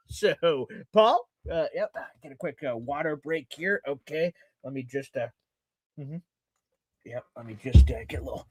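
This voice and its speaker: A man hosting a casual live call-in sports show, animated and jokey, tossing in sound effects as he talks. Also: a little high, normal speed, dry recording, clean studio sound. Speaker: show host and team reporter.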